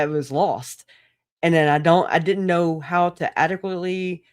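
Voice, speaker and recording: A woman's voice: deep voice, dry recording, studio quality. Rambling, laughing livestream woman. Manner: rambling, laughs often, swears casually. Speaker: livestream host. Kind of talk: casual solo livestream chat.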